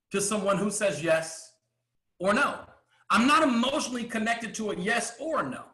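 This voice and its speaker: A man delivering a motivational coaching talk in a high, bright voice that swings widely in pitch. He drives his points home with rhetorical questions and stops now and then to clear his throat. The room around him rings with echo. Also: animated, brisk. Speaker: business coach.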